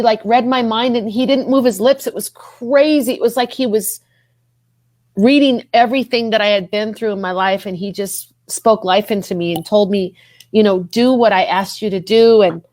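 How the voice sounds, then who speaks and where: Her voice is slightly high with fairly even intonation and a darkish tone, at normal speed in a dry recording. A podcast guest, she earnestly relates her story of faith, repeating herself and rising in pitch when emotion hits.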